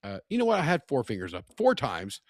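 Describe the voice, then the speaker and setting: A man's voice: mid-range voice, huge pitch swings, fast talker. A man co-hosting a casual podcast chat, teasing and laughing often, rambling with frequent restarts. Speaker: podcast co-host.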